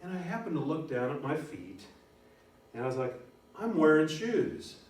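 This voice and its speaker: A middle-aged man teaching a college algebra lecture, animated and telling stories, shouting out key words now and then. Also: mid-range voice, a little fast, a little hiss or hum. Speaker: college math instructor. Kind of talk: recorded math lecture. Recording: very echoey room, voice from far off.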